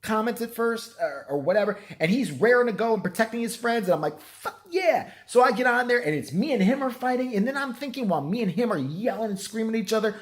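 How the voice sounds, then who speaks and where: A hoarse man talks straight to his camera at home, his voice worn from yelling. He rambles through a profane, self-mocking apology. His pitch swings widely as he goes. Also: animated, quick pace, hardly any pauses. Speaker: vlogger.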